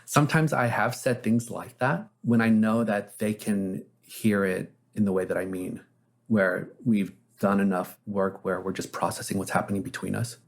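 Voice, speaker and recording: Gravelly, husky-voiced male therapist. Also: lowish voice, steady tone, moderate pace. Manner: casual, frequent "like" fillers, reflective anecdotes. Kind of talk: interview guest, storytelling.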